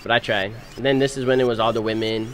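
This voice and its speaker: A man's voice: medium pitch, slight background noise. Slangy young man telling a story. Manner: animated, slangy storytelling with quick voice-acted quotes. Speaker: groom. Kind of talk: casual narration over wedding photos.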